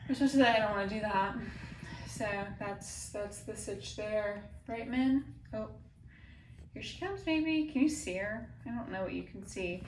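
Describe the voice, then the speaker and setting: A woman's voice: medium pitch, distant mic. Twenties woman, casual vlogger, nervy, self-deprecating ramble. Echoey home room, some faint hiss. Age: 20s. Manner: rambling, self-mocking, anxious. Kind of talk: casual vlog chat. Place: room at home, moving around while working out. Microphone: phone camera, sometimes from across the room.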